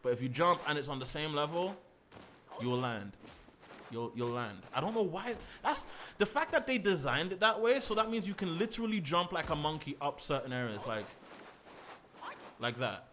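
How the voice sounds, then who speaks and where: Animated young gamer. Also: male voice, fairly high pitch, moderate pace, a little hiss or hum. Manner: animated, swearing, playful rants. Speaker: gaming streamer. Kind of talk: casual gaming commentary.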